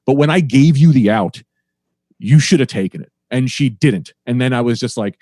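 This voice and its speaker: A man's voice: mid-range voice, animated, normal speed, mellow, dry recording, clean studio sound. A man who is a comedian guest on a podcast, telling a rambling, profane story about a show in a casual, self-deprecating way.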